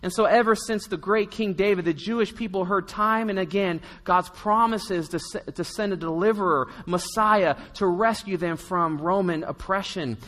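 A man with a high, bright voice preaches a sermon, telling the story in a loose, chatty way and slipping into the voices of its people. His words ring out through a hall with a long reverb. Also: normal speed, hardly any pauses. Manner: storytelling, conversational, acts out quotes. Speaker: pastor.

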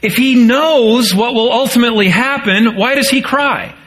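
A male pastor delivers a sermon at a moderate pace, his voice climbing when he quotes pleas and sinking low and quiet for the solemn moments.

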